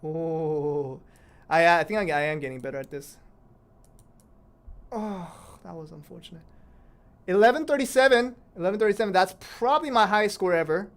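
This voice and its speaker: A woman's voice: fairly low pitch, moderate pace, long pauses. A woman streaming a mobile game, chatting casually to viewers and exclaiming at near misses. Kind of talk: casual live-stream commentary while playing.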